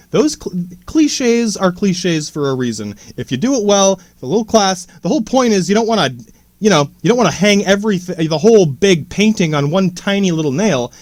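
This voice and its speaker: A young man with a high-set voice rambles through a movie commentary, swearing often and tripping into restarts and side jokes. The sound is dry and close, with no room around it. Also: no echo. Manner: profane, meandering, many restarts and asides. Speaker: podcast host.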